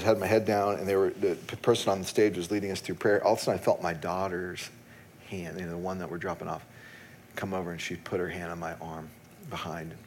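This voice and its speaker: A man's voice: fairly low pitch, a little hiss or hum. A middle-aged man, a pastor, preaching a sermon and telling a personal story in a candid, self-deprecating way, often laughing at himself.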